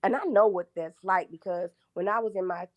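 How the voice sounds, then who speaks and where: A woman's voice: medium pitch, brisk, no room sound. A woman in her forties calling in to a live show, talking through her points one by one in a chatty, emphatic way. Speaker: caller. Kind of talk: casual phone-in chat.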